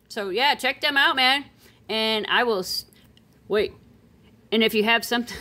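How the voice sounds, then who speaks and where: Female collector vlogger, higher voice, unhurried and playful, with sing-song outbursts. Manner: playful, chatty, with excited squeals and sing-song calls. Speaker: silver coin collector vlogger. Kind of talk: casual unboxing chat.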